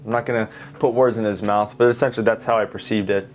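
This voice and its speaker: A man's voice: fairly low pitch, steady tone, fast talker, hardly any pauses. A young man, an art teacher, telling a heartfelt personal story straight to his viewers while he draws. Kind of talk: earnest storytelling while drawing.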